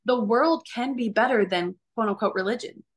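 A woman's voice: a little high, normal speed. A young woman sharing her faith testimony in an earnest, conversational way, often laughing. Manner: earnest, laughs often, acts out quoted voices.

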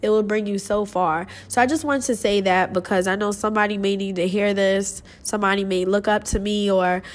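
A woman's voice: mid-range voice, steady tone, brisk, few pauses. Earnest, emotional young woman podcaster. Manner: earnest and emotional, swears freely, calls listeners "you guys". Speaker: podcast host. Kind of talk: motivational casual podcast monologue.

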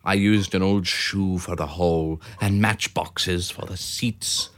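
Storybook hero hamster, determined and rousing, a man voicing him slow and bright. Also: low voice, fairly even intonation, no echo. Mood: persuasive. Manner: rousing, determined speech-making. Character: brave male hamster rallying mice.

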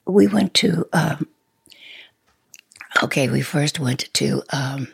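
Slow, gravelly older woman. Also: low-pitched, no echo. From Sweden. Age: 80s. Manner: soft-spoken, halting, laughs often. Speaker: interview guest. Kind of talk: reminiscing conversation.

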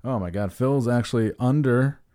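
Male podcast co-host; mellow, relaxed timbre, jokey and a bit crude. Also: medium pitch, normal speed, no room sound, clean studio sound. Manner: joking, profane, rambling. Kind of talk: casual podcast banter.

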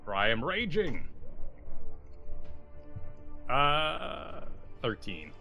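Slow, very bright-voiced man at the game table. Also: medium pitch, big pitch swings, soft background music. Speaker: player. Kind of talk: casual tabletop play.

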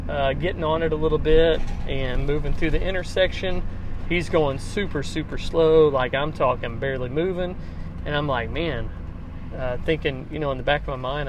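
A man's voice: fairly high pitch, noisy background. A man hosting a podcast, telling a long personal story in a rambling, casual way with many fillers and repeats. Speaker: podcast host.

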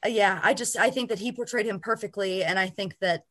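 A woman's voice: mid-range voice, brisk, a bit bright. Chatty woman on a movie podcast. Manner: chatty, many fillers, enthusiastic. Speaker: podcast co-host. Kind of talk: casual movie discussion.

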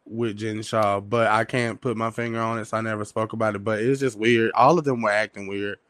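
A man's voice: fairly low pitch, fairly even intonation, fairly quick, fairly bright tone, clear, resonant tone, no echo. A man chatting casually as co-host, in a laid-back, agreeable way. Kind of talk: casual gossip chat.

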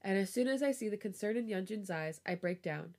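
A woman reading a romance story aloud on a podcast, with a relaxed storytelling voice. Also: mid-range voice, a little fast. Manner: laughs often, giggly reactions. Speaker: podcast host reading fan fiction aloud.

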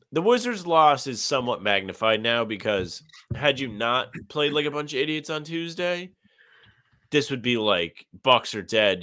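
A man's voice: mid-range voice, bright, forceful tone, no room sound, studio quality. A congested man co-hosting a casual sports podcast, making joking, loose asides about the game. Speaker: podcast co-host.

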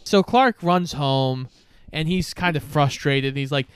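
A young man with a smooth, somewhat high voice narrates a film's plot in relaxed, casual fashion. He defends the story's choices without much heat. The recording is close and dry. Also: a little slow, dry recording. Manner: laid-back, plot-summarizing, mildly defensive. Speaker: podcast co-host. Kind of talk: casual movie recap.

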